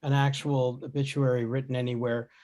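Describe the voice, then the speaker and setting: A man's voice: medium pitch, level tone, brisk, warm tone. A man hosting a podcast in casual chat, rambling with restarts and chuckling asides. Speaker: podcast host.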